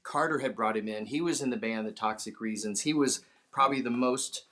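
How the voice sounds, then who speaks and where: Speaking fairly quickly in a mid-range voice, this middle-aged Dayton, Ohio musician tells stories as an interview guest. He's animated, voices the people he quotes himself, and laughs frequently along the way.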